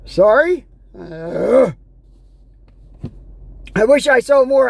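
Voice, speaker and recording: A high-pitched woman from the United States vents in an angry vlog rant, sarcastic and exasperated. Her voice sits close and dry. Now and then she reads news headlines aloud. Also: a little slow, dry recording. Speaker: vlogger.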